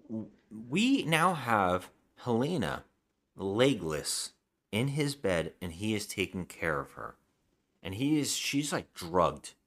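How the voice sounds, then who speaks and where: A man with a fairly low voice co-hosts a casual movie podcast. He retells the plot in an animated way, scene by scene. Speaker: podcast co-host. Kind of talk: casual movie-review chat.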